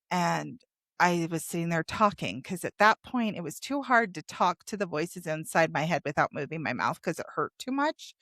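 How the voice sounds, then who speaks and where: A woman guest on a podcast, telling her own story openly, with a wry humor about dark memories. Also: lowish voice, no room sound, clean studio sound. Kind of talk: candid storytelling in a podcast interview.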